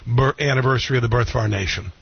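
A male radio host with a husky voice asks his guest questions and backs her up with short, affirming replies. The sound is dry and dull, like a muffled radio feed. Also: medium pitch, racing, no room sound. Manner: affirming, brief interjections. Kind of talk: casual radio interview.

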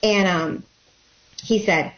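A woman guest telling a personal story about becoming a healer, in a halting way with many fillers and restarts. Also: medium pitch, highs cut off.

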